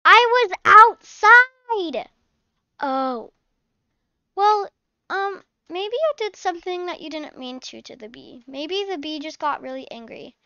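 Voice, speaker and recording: A woman's voice: high voice, lively intonation, unhurried, dry recording, lo-fi sound. A woman hosting her channel, chatting and acting as a fussing, scolding mom in a game role-play. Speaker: channel host playing a mom.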